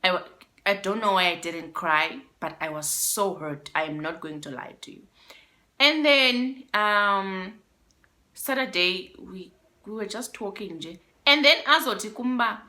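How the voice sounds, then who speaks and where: A young South African woman with a South African accent telling a storytime vlog, animated and switching between English and isiXhosa phrases. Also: mid-range voice, measured pace. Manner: animated, mixes in isiXhosa phrases, addresses viewers as guys. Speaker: YouTuber.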